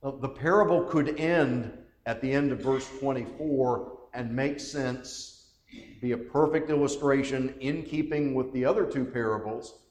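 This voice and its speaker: A man's voice: mid-range voice, unhurried, darkish tone. A man leading a Bible study, reading scripture aloud and asking the group questions. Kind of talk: teaching a Bible class. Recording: echoey room with long reverb.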